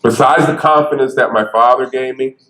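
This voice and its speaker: A man's voice: medium pitch, fairly quick, background noise. An older man from Bridgeport with a slight stutter, telling stories on a theater stage. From Bridgeport, Connecticut. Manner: animated storyteller, acts out voices, slight stutter. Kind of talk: storytelling talk.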